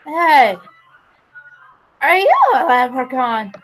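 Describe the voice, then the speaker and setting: A woman's voice: sits high, expressive, slow pace, no echo, heavily acted, low-quality recording. A woman voicing a naive, impatient young male college student in a told joke. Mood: eager.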